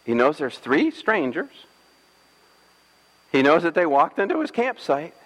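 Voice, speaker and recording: A man's voice: fairly high pitch, wildly swooping pitch, a little slow, a bit bright, big-room sound, low-quality recording. A man pastor giving a sermon, telling a scripture story playfully with jokes and acted-out lines.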